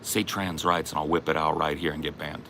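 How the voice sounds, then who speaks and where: A comedy host with a low voice goads someone in an aggressive, profane rant, taunting in loud, confrontational bursts. His tone is sharp and forceful, fairly quick with little pitch movement, and a faint room hum sits behind him.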